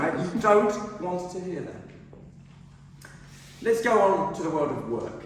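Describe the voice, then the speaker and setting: A man's voice: high-pitched, a little slow, a little hiss or hum. A middle-aged man giving a humorous, self-deprecating speech at a speaking club. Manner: animated self-deprecating storytelling. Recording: echoey hall from far off.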